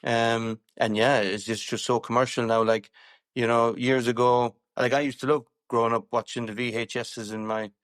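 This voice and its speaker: A man's voice: medium pitch, clean tone, no echo, studio quality. A man with an Irish accent, a show jumper chatting casually on a podcast, rambling with many fillers and restarts.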